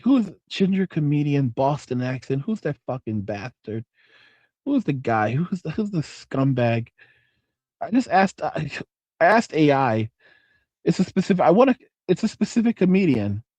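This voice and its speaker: A man hosting a livestream and reading chat, talking casually in a profane, excitable, rambling way. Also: a little high, no echo. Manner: profane, excitable, trails off and restarts.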